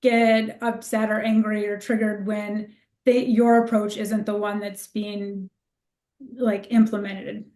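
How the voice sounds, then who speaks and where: A woman's voice: medium pitch, little pitch movement, slow pace, a little mellow. A woman co-hosting a casual podcast as an astrologer, explaining in a reflective way and laughing easily. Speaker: astrologer co-host. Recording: echoey room sound.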